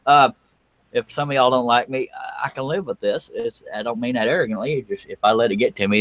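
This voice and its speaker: A man's voice: medium pitch, brisk, fairly bright tone, dry recording. A middle-aged man, hosting a casual live-stream chat in a folksy, joking, self-mocking way. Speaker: show host.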